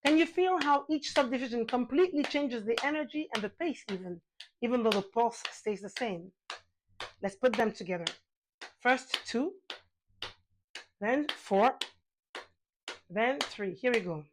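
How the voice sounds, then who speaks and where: A woman teaching a singing lesson, calmly guiding the listener through exercises, counting aloud and demonstrating sounds. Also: fairly high pitch, measured pace, pauses often, noisy background. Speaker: vocal coach.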